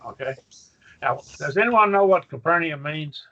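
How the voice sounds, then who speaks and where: A man's voice: on the high side, expressive, moderate pace, sharp tone, dull audio. A man teaching a Greek grammar class, patiently quizzing his students with questions. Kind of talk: classroom lesson.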